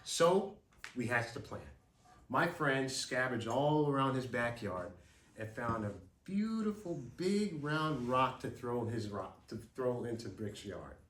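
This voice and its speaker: A man's voice: mid-range voice, expressive, slow pace, a bit bright. A man telling a dramatic story from his childhood as a speech, in vivid, dramatic storytelling. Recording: roomy, from a distance.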